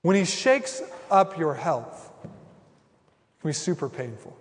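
A man in his thirties, a pastor preaching a sermon in an animated, conversational way with acted asides. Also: fairly high pitch, measured pace. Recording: reverberant hall.

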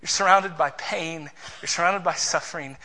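A man's voice: on the high side, normal speed, pushed and bright. A man preaching a sermon as pastor, in an emphatic, passionate way.

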